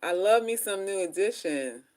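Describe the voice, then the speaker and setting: A middle-aged woman chatting casually on a livestream from home, animated and slangy as she reads viewer comments aloud. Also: mid-range voice, moderate pace. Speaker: livestream host.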